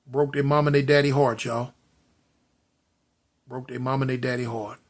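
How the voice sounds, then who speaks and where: A man's voice: mid-range voice, flat delivery, moderate pace. A man telling a street story dramatically, repeating lines, calling out to listeners and voicing gunshot sounds. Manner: addresses listeners directly.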